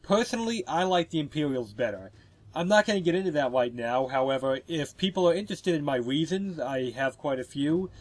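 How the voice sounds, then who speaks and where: A man's voice: on the high side, animated, brisk. A man with a stuffy, congested voice from a cold, chatting casually and explaining gameplay as he narrates a walkthrough. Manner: chatty, explanatory, with filler words. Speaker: video game walkthrough narrator.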